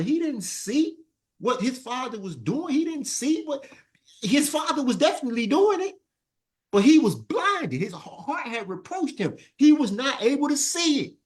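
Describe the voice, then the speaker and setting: A man with a very high voice teaches a Sunday school lesson, preaching animatedly and repeating phrases for his class to answer back.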